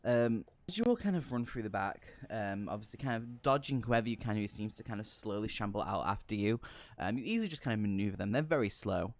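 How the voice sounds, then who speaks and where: A man's voice: fairly low pitch, animated, fast talker, dry recording. A man narrating as game master of a tabletop horror game, with lots of ums and hesitant descriptions. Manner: hesitant, many ums and kind-ofs.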